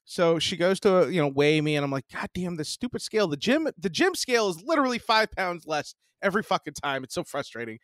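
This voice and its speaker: A man's voice: high voice, big pitch swings, brisk, hardly any pauses, fairly bright tone, no echo. A man in his forties and a podcast co-host, chatting casually, telling a profane story and acting out the voices of the people in it. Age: 40s. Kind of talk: casual chat.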